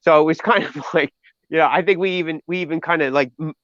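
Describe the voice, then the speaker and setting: A man's voice: on the high side, steady tone, quick pace, fairly bright tone, no room sound, muffled recording. A man, a guest musician, telling casual stories from touring in a rambling way with many fillers and restarts. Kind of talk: casual storytelling.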